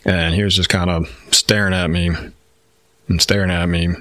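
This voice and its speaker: A man's voice: sits low, little pitch movement, normal speed, bright, forceful tone, dry recording. A man in his forties, a firefighter guest, telling a candid story in a rambling, frank way, with many fillers and some swearing.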